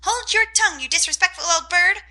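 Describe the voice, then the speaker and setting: Woman doing a shrill, screeching parrot. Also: brisk, sharp tone, full character voice. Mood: mocking. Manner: shrill squawking cries. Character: squawking rude male pet parrot.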